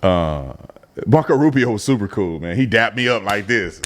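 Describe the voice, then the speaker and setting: A man hosting a casual reaction commentary, slangy and animated, breaking into mocking impressions. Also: lowish voice, normal speed. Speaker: commentary channel host.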